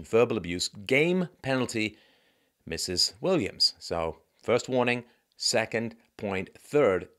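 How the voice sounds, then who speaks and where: Man, commentary vlogger, wry, sardonic, sighing asides, animated pitch. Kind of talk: opinionated commentary monologue.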